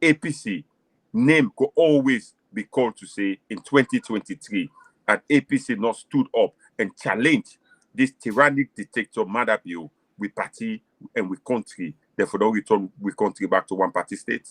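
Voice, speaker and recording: A man's voice: lowish voice, normal speed, no echo. A man with a Sierra Leonean Krio-English accent, hosting a political discussion show and pressing his guests with impassioned questions. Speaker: host.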